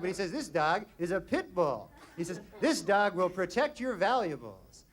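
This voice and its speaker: A man doing a stand-up routine on a comedy club stage, rambling in a deadpan way with odd asides. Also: high voice, a little fast, few pauses. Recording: noisy live recording with crowd.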